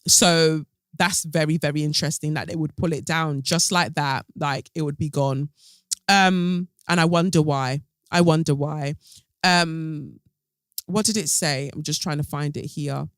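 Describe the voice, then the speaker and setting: A man hosting a casual commentary podcast, gossipy and animated, with plenty of ums and sassy asides. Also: on the high side, a little slow, smooth, no echo. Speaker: podcast host.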